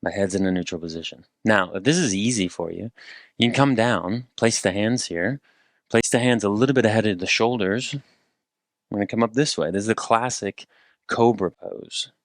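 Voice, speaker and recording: Low-voiced man guiding a workout. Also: moderate pace, no echo, studio quality. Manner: calm step-by-step cueing with playful asides. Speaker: movement and rehab instructor. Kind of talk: guided exercise instruction.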